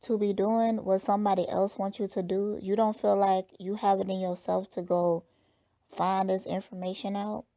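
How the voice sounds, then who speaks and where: A woman reader giving slow, thoughtful, blunt commentary on a clip in a casual way. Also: medium pitch, little pitch movement, warm tone, highs cut off. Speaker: spiritual reader reacting to a clip.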